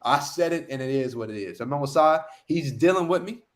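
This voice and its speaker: A man's voice: a little high, lively intonation, a little fast. A man teaching scripture street-style in a slightly raised voice. He is emphatic and slangy, circling back to the same catchphrases again and again.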